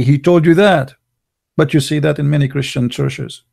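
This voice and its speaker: A man's voice: fairly high pitch, steady tone, moderate pace, vocal fry, darkish tone. A man from the Arab world, hosting an online show in a blunt, emphatic monologue full of rhetorical questions and grammar. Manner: broken, non-native grammar. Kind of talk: opinionated livestream monologue.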